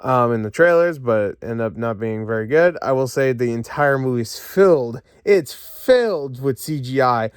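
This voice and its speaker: Male reviewer in bed, mid-pitched, sarcastic profane rant, dry close sound. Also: animated, normal speed, few pauses, clean tone, no echo. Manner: sarcastic, profane, frustrated ranting with frequent fillers. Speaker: movie reviewer. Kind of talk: casual ranting review. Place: lying in bed at home.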